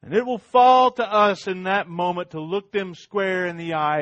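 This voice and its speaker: A middle-aged man preaching a sermon as pastor, swinging between loud emphatic lines and hushed ones, with much repetition. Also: high voice, moderate pace, hardly any pauses, no echo, dull audio.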